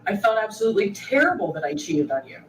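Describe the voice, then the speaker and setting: A woman in a played-back television clip, slowly admitting what she did. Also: medium pitch, very animated, distant mic. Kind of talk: confessional confrontation. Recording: roomy clip with background noise.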